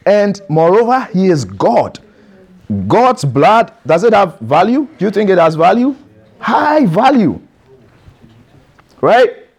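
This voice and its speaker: A preacher with a somewhat high voice for a man delivers an emphatic sermon. He repeats his phrases and throws questions directly at the listeners. His delivery swings between hushed, intimate moments and loud, urgent calls. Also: very animated, unhurried, husky. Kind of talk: sermon to a youth audience.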